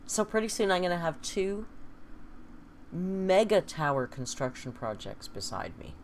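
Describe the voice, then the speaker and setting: A woman's voice: fairly low pitch, very animated, unhurried, slight background noise. A woman hosting a casual livestream from home, chatty and wry, reading viewer comments aloud. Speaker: livestream host. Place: home, indoors.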